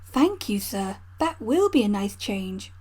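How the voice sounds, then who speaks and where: A woman voicing a gentle, kind male steam engine who speaks politely and meekly. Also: medium pitch, big pitch swings, slow, husky, exaggerated voice. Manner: polite, meek.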